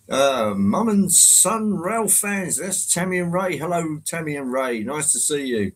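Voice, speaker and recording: A man's voice: on the high side, expressive, unhurried, hardly any pauses. A man hosting a live stream in a genial, rambling way, greeting viewers one by one. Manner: genial, rambling, chatty with fillers.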